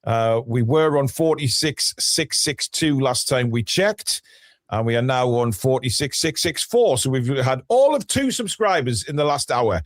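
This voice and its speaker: A man's voice: mid-range voice, expressive, measured pace, dry recording, clean studio sound. A man hosting a live charity stream, chatting with co-hosts and urging viewers to donate and subscribe. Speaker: host.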